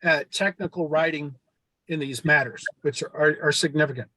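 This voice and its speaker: A man's voice: on the high side, moderate pace, pushed and bright, dry recording. An older man hosting a casual discussion, reading a formal letter aloud in an earnest tone. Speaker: host.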